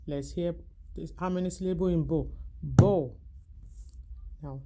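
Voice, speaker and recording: A woman teacher giving a language arts lesson to young children, calling out each word loud and slow, then asking quietly how many syllables it has. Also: lowish voice, steady tone, background noise.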